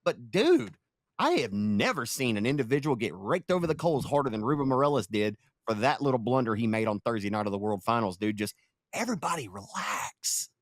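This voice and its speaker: A young man hosting a casual racing podcast, talking in a rambling, animated way and often getting sidetracked. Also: medium pitch, a little fast, no echo, clean studio sound. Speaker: podcast host and race announcer.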